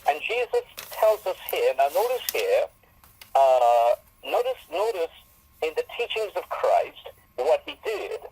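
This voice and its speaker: Man, Bible teacher, slightly high voice, emphatic sermon delivery, lo-fi recording. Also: huge pitch swings, measured pace, gravelly, a little mellow, slightly rough. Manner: emphatic, repeats phrases for stress.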